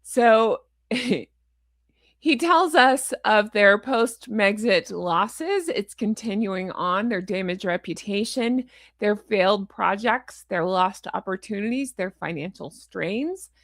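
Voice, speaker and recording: A woman's voice: medium pitch, expressive, slow, a bit bright, no echo, clean studio sound. A woman hosting her channel, talking through a book recap in a casual, playful way and laughing often. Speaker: channel host.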